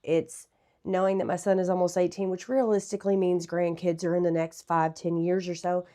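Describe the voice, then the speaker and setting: A woman in her thirties speaks as an interview guest, candid and reflective. Her voice sits a little low and sounds warm and mellow, and she talks softly. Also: level tone, a little fast. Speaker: guest sharing a testimony. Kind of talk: personal testimony in an interview.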